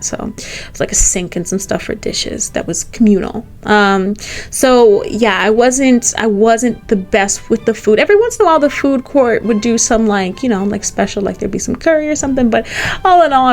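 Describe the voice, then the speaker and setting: An American woman at a mid pitch tells a casual storytime tale. She talks in an animated, chatty way, full of "like" fillers. Faint music plays underneath. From United States. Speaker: vlogger.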